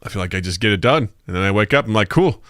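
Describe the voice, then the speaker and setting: A man in his thirties co-hosting a podcast, telling stories with lots of laughs and acting out quotes in a high, lively voice. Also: very fast, dry recording, studio quality. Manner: animated storyteller, acts out quotes in a high voice; laughs often. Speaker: podcast co-host. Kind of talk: casual podcast chat. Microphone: podcast mic.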